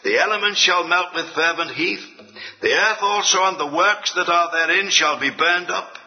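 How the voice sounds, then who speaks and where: A man preaching a sermon in an earnest way, swinging between emphatic lines and hushed asides. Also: high voice, normal speed. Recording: dull, long-reverb hall.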